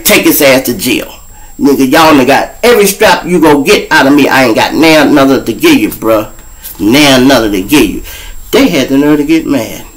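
A man's voice: mid-range voice, poor audio. A man with a Chicago accent, hosting his own show and telling profane street stories in a casual way, acting out the other people's voices. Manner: animated storyteller, acts out voices, profane. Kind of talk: casual storytelling.

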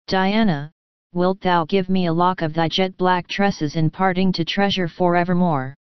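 A dreamy, dramatic young girl full of romantic, old-fashioned turns of phrase, as a woman reads her in an audiobook. The voice sits fairly low and smooth, with a slightly dull, lo-fi sound. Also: fairly even intonation, moderate pace, dry recording, close to an everyday voice. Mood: tearful. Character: dreamy, dramatic orphan girl, about eleven. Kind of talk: audiobook reading.

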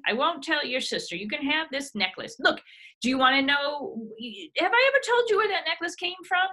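Bright, high, swoopy saucy grandma, a woman doing the voice for an improv comedy bit. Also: sing-song, brisk, heavily acted. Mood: reminiscing. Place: home video call.

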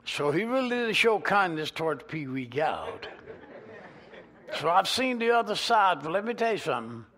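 A man with a Georgia Southern accent, preaching a sermon as a pastor and telling folksy stories with animated swings in volume. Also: high voice, normal speed. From Georgia, USA. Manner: animated, folksy, swings between loud and soft.

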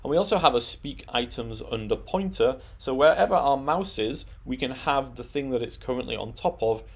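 A man presenting a tech tutorial, talking through settings in a relaxed, explanatory way with frequent "um" and "uh". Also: medium pitch, normal speed. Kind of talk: screen-recorded software walkthrough.

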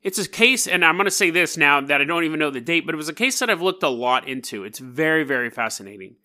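A man hosting a casual storytelling podcast, talking in an animated, jokey and digressive way. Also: on the high side, fast. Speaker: podcast host.

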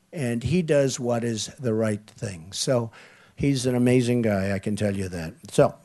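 A man's voice: medium pitch, darkish tone. Man giving a boastful, repetitive rally speech. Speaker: political candidate. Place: campaign event venue.

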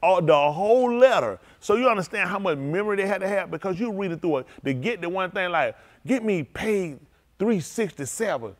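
Conversational man preaching with loud swells. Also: expressive, fast talker, hardly any pauses. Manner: conversational preaching that swings from low murmurs to loud exclaiming; speaks in informal, vernacular English. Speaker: pastor. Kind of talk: sermon.

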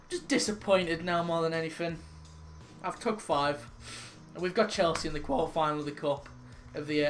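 A man's voice: high voice, a bit bright, a little hiss or hum. A man commentating live on his own football video game, emotional and swearing heavily when frustrated. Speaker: gaming YouTuber.

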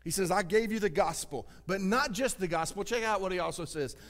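A man with a Southern US accent preaching a sermon as pastor, swinging from loud exclamations to hushed asides. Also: high voice, fairly quick. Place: church sanctuary. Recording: reverberant church sanctuary.

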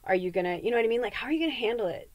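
A woman's voice: on the high side, expressive, rapid-fire, darkish tone, no echo, lo-fi sound. A middle-aged woman from the Midwest, a psychic medium rambling candidly in a casual spiritual podcast monologue and swearing freely. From American Midwest.

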